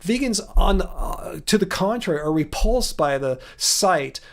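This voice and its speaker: A man's voice: sits high, lively intonation, measured pace, vocal fry. A man in his forties hosting a casual livestream, earnestly questioning viewers in chat with many restarts. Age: 40s. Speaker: livestream host answering chat. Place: home studio.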